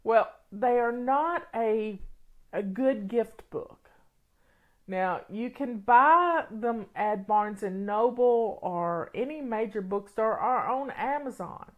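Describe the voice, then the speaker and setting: A woman's voice: on the high side, lively intonation, takes it slowly, phone-quality sound. A woman hosting a casual livestream, reading comments, tearful and sniffly, rambling with many restarts. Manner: rambling, warm, frequent restarts and laughs. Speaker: livestream host.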